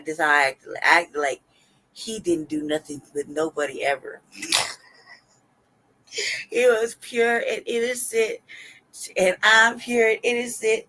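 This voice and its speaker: A woman's voice: medium pitch, a bit bright, low-quality recording. A woman hosting a live stream, telling candid personal stories in casual chat. She swears freely, laughs often and acts out what she and others said.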